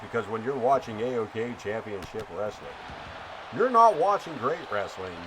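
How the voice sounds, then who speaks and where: A man voicing a cheesy old-time male radio wrestling announcer, nasal and high in the chest, with a booming, drawn-out play-by-play delivery over steady background noise. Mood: hammy announcer. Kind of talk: mock play-by-play commentary.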